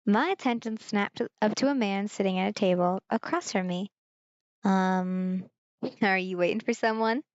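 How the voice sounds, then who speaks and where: A woman's voice: mid-range voice, moderate pace, no echo, dull audio. A woman from Germany streaming a visual novel, reading the story aloud and chatting with viewers in asides.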